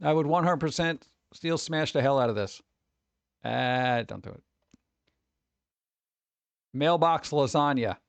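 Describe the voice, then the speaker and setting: A man giving casual live-stream commentary with a slightly high voice. He rambles, trips over words and sounds exasperated and sarcastic. The recording is dry and close. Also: a little slow, gravelly, long pauses, clean tone, dry recording. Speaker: streamer reacting to food videos.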